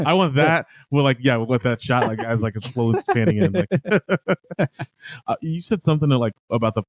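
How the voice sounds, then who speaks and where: A man's voice: mid-range voice, lively intonation, moderate pace, no room sound. A man co-hosting a podcast, chatting casually and leaning on fillers as he works through his thoughts. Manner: laughs often, filler-heavy. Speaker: podcast co-host. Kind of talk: casual chat.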